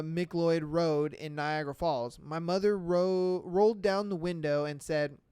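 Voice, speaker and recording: Animated slangy podcast host. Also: medium pitch, clean tone, no room sound, studio quality. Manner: animated, slangy, laughs at own stories. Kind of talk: casual storytelling, reading listener posts.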